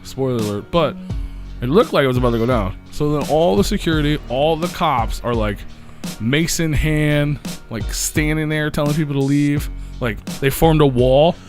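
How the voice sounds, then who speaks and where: A man's voice: a little high, moderate pace. Man, podcast host, casual storytelling, laid-back, swears a lot, faint music behind.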